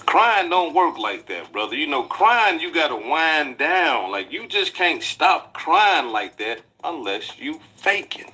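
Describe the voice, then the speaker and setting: A man giving casual commentary, mocking and lecturing in a drawn-out way. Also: a little high, big pitch swings, sharp tone, breathy edge.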